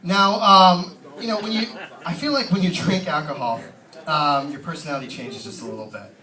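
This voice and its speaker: A man tells stand-up stories in a loose, rambling way, full of "you know" and "like", his voice sitting a little high. The sound comes from a far-off camera and echoes around the pub. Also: moderate pace, bright, forceful tone. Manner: rambling, filler-heavy, casual storytelling. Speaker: stand-up comedian. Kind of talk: stand-up comedy set. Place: pub stage. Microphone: distant camera. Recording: roomy pub sound from a distant mic.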